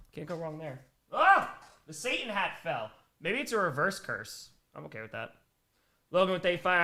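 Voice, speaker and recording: A young man from Wisconsin doing casual live play-by-play and reaction, chatting with viewers and shouting them out between plays. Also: on the high side. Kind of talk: casual live-stream commentary reading chat.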